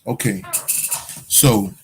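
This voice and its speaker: A man's voice: lowish voice, drawn-out words, soft background music. A man hosting a casual livestream, answering viewer questions in loose, profane street slang, repeating phrases as he goes. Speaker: spiritual livestream host.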